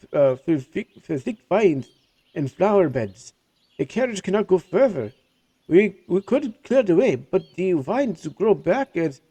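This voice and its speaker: A man's voice: high voice, mellow, slightly rough, pitched above the performer's own voice, exaggerated voice. A man doing a cheerful, trusting merchant.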